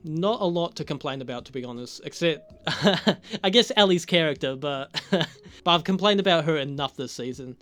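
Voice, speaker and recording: A man's voice: a little high, normal speed. Profane, laughing man recapping a TV episode. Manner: profane, laughing, animated retelling with acted quotes. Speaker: video reviewer. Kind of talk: casual spoken TV episode recap.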